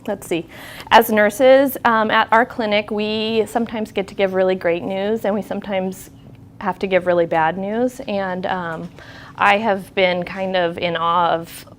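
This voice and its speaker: A woman's voice: medium pitch, steady tone, measured pace, slight background noise. A woman nurse giving a candid, conversational talk to an audience, telling stories from her clinic work in a reflective way.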